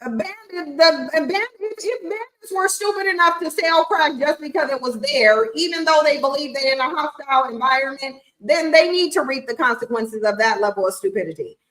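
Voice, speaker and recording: A woman's voice: high-pitched, fairly quick, few pauses, a bit bright, rough recording. A woman giving blunt, mocking livestream commentary, often breaking into laughter. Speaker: streaming commentator.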